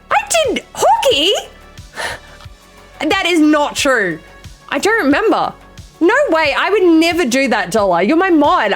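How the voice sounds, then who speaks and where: Excitable, animated woman streamer. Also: very high voice. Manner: excitable, swears freely, greets chatters by name. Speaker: livestream host. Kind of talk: casual chat with live viewers.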